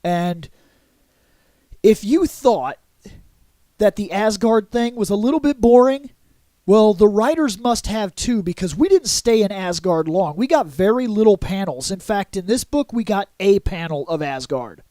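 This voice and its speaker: A man vlogging a casual comic book review in an excitable way, adding sound effects and acting out lines. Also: high-pitched, unhurried, long pauses, no room sound. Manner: excitable, adds sound effects and acts out quotes.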